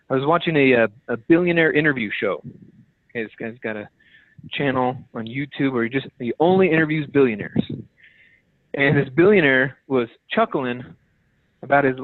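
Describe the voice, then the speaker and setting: A man's voice: medium pitch, no echo. Male team leader, motivational coaching call, punchy and repetitive, thin phone-line audio with no room sound. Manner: emphatic, direct, repeats key phrases.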